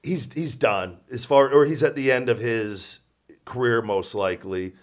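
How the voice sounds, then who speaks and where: A man's voice: mid-range voice, unhurried. A man hosting a podcast in casual chat, sarcastic and self-deprecating, rambling with many restarts. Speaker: podcast host.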